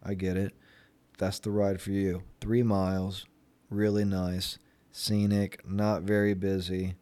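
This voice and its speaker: Rambling sarcastic young man, low voice. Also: level tone, slow pace, dark tone. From Florida, United States. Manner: rambling, sarcastic, with many fillers. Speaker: vlogger. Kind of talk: casual chat.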